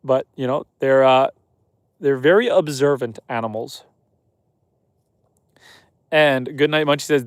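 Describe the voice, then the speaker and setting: A man from Canada, a homesteader livestreaming outdoors at night, reading viewer comments aloud and chatting back in a relaxed way. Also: on the high side, no room sound. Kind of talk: casual live stream chat.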